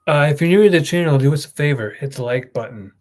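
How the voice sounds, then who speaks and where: A man's voice: on the high side, expressive, quick pace. A young man hosting his channel, telling an emotional story in a rambling casual way. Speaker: host. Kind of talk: casual chat.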